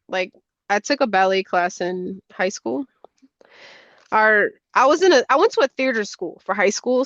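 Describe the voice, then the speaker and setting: A woman, a tarot deck creator, chatting casually as a guest in an animated, rambling way over a video call. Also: dry recording. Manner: animated, rambling, quick pitch jumps. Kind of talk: casual chat. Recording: dull, dry lo-fi audio.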